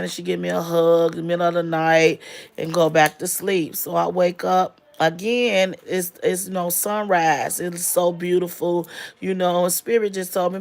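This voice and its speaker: A woman's voice: fairly low pitch, creaky. A woman in her forties telling a personal story in a casual, emotional way, with many fillers, close to tears. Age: 40s.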